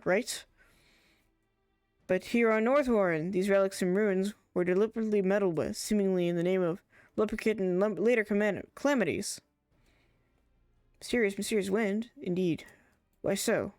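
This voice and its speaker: A woman voicing an earnest male scholar with an Irish accent, reading game dialogue in a measured, formal way. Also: mid-range voice, darkish tone, no echo, studio quality, soft background music, lightly acted. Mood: inquisitive.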